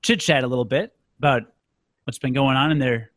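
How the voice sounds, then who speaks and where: A man's voice: medium pitch, a little fast, fairly bright tone, no echo. A man hosting a podcast, chatting casually and telling self-deprecating stories. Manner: dry, self-deprecating storytelling. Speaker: podcast host. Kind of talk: casual chat. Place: Chicago.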